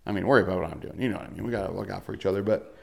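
A man's voice: sits low, very fast, vocal fry. A male pastor preaching a sermon in a conversational way, reading scripture and asking rhetorical questions with shifting emphasis.

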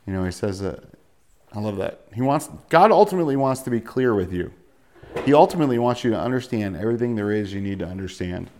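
A man preaching a sermon with lots of energy and humor. His voice swings widely in pitch as he acts out quick asides and reads verses aloud. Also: expressive, warm tone. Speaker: pastor.

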